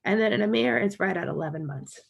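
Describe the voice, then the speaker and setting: A woman's voice: medium pitch, expressive, fast, gravelly, a little hiss or hum. A woman explaining a topic as a college lecturer in a recorded lecture, walking through slides and recapping key points.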